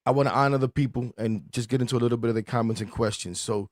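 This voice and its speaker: A man's voice: medium pitch, rapid-fire, a little mellow, dry recording, studio quality. A man with a New York accent hosting a sports podcast, chatty and eager. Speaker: podcast host. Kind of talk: casual podcast chat.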